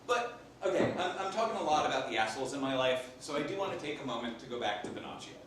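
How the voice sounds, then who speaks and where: A man doing a comic in-character monologue as an improv performer, an animated storyteller playing a Renaissance papal scribe. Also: medium pitch, quick pace, few pauses, noisy background. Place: live theater stage. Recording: echoey stage from far off.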